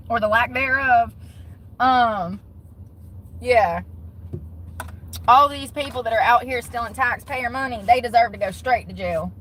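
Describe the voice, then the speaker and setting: Blunt, bright-voiced woman vlogger. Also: fairly high pitch, measured pace, pauses often, a little hiss or hum, rough recording. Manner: blunt, profane, mocking. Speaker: commentary vlogger. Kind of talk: casual commentary.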